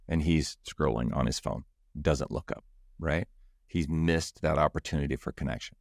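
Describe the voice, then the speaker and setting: A man's voice: very deep voice, moderate pace, creaky, a little mellow, no echo, studio quality. A man guest on a relationship podcast, animatedly acting out little everyday scenes to illustrate his points. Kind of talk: conversational storytelling.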